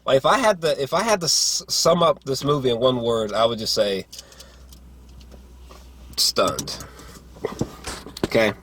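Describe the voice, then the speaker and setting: A young man giving a casual movie review, rambling and profane, with lots of filler words and throat clearing. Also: mid-range voice, big pitch swings, brisk, hardly any pauses, fairly bright tone. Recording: faint background noise.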